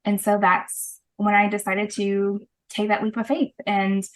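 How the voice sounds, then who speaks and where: Brisk woman telling her story. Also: mid-range voice. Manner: animated storyteller, brisk with frequent laughs. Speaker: guest, holistic practitioner. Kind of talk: casual interview storytelling.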